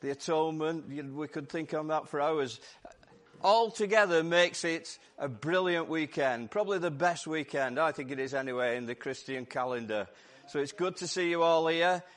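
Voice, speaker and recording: A man with a Lancashire accent preaching a lively, jokey Easter sermon to his church while his voice goes hoarse. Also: on the high side, normal speed. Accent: Lancashire English. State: voice going hoarse. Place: church service.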